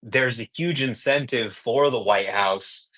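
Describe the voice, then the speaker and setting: A man giving casual, emphatic market commentary as host of a show, slowing down to stress his points. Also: mid-range voice, fairly bright tone.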